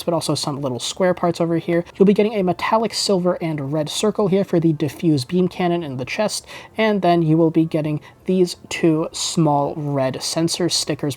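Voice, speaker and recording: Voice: mid-range voice, darkish tone. A model kit reviewer giving a methodical unboxing voice-over, often hedging with "I think" and "like" while going through parts one by one.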